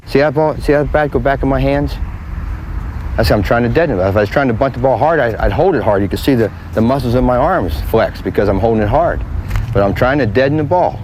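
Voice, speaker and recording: A man's voice: mid-range voice, fast talker, darkish tone. A man coaching children on a baseball field, giving plain, repetitive instructions. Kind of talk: outdoor coaching demonstration. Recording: faint background noise from a 1980s tape.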